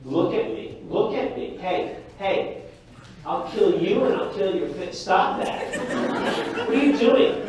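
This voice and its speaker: A man acting out an aggressive, threatening patient on cocaine who shouts in a raised voice, in an echoey hall from far off. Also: high-pitched, lively intonation, slow, voice pushed up. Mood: hostile shouting.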